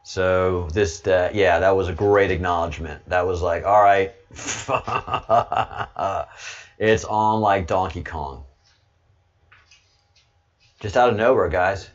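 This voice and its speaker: A man's voice: low-pitched, slow pace, pauses often, dull audio. A man hosting a casual livestream, rambling to his chat and stammering over repeated words with frequent chuckles. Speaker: livestream host reading chat.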